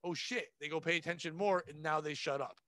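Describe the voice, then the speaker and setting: A man who works as a comedian, talking casually on a podcast in a blunt, profane, animated way. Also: a little high, fairly quick, dry recording. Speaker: comedian guest.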